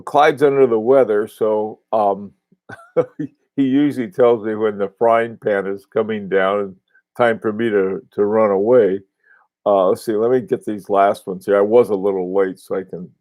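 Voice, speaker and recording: A man hosting a casual livestream, answering viewers in a halting, rambling way with many restarts and fillers. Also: on the low side, warm tone, no echo. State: has the hiccups. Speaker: host of a live watch talk.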